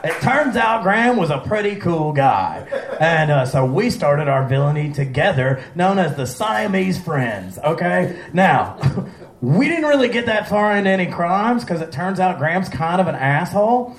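A man doing a stand-up bit, telling a story in a deadpan, unhurried way. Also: high voice. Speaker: comedian. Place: comedy club stage. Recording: echoey room.

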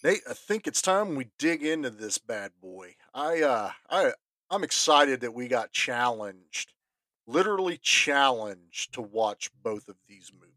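A man's voice: mid-range voice, sing-song, unhurried, pushed and bright, dry recording. A man co-hosting a casual movie podcast, eager and stumbling over restarts. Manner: enthusiastic, restarts often. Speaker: podcast co-host. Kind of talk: casual movie review chat.

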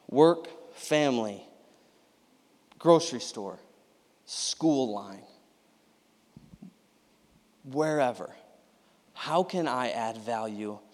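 A young male pastor delivers a lively, conversational sermon and keeps checking in with his listeners. His voice sits at an ordinary middle pitch. A long reverb tail from a large sanctuary hangs after his phrases. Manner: energetic, conversational, lots of "you know what I mean, right?". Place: church sanctuary.

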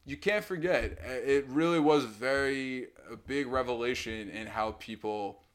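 A man talks loosely on a podcast, his voice in a middle range. He fills his talk with "you know" and "man" and drops a casual curse here and there. When he gets into a story he turns loud and lively. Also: measured pace, clean tone. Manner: animated storyteller who acts out quotes with loud pitch jumps. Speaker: podcast co-host.

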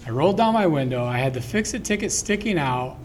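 Man, casual storyteller, somewhat high-pitched, animated delivery, soft room noise behind. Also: fast. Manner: animated, acts out quoted dialogue. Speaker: storyteller in conversation. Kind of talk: casual anecdote telling. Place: brewery taproom.

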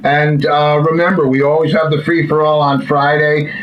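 A man's voice: a little high, little pitch movement, normal speed. A man hosting a casual chat, telling jokes in a folksy, rambling way with restarts. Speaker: podcast host. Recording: slightly dull lo-fi audio with faint noise.

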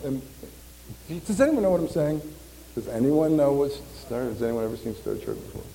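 Animated jokey pastor in a reverberant hall. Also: male voice, mid-range voice, quick pace, gravelly, slight background noise. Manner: animated, jokey, quizzing the congregation. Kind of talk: sermon. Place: church hall. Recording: long reverb of a church hall.

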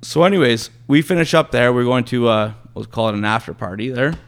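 Canadian man, podcast guest, gravelly tone, rambling profane storyteller. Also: mid-range voice, fairly quick. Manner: rambling, swearing anecdotes with quoted impressions. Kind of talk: casual storytelling chat.

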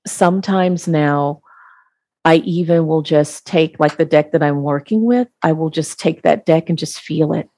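A woman speaking as an interview guest, slow and earnest, halting and restarting as she reflects. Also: deep voice, warm tone, no echo.

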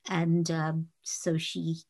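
A woman earnestly telling a personal faith testimony, reflective and halting with fillers. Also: sits low, monotone, darkish tone. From Indian family. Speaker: testimony speaker.

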